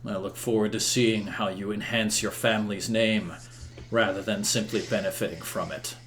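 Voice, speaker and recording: Man doing a stern weary king, low and hushed, grave measured delivery, tabletop role-play. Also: fairly even intonation, slight background noise, natural voice. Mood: solemn. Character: stern weary male king passing judgment.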